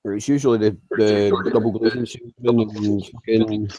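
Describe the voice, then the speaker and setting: A man's voice: lowish voice, level tone, moderate pace, dark tone, dry recording, lo-fi sound. A man chatting loosely, rambling and swearing now and then. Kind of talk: casual chat.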